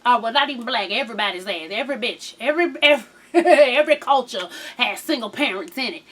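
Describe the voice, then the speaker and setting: A woman's voice: a little high, animated, fast. A woman giving a casual, profane recap of a reality show, acting out the people she quotes.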